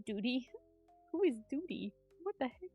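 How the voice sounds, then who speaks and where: A woman's voice: sits high, big pitch swings, moderate pace, warm tone, husky, faint music behind. A young adult woman streamer chatting casually with her chat while gaming, laughing often.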